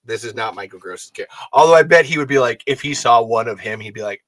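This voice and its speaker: A man hosting a fan show in loose, rambling chat. His voice is bright and forceful, his delivery excitable and full of swearing. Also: mid-range voice. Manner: excitable, profane, rambling, quick to laugh. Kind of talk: casual chat.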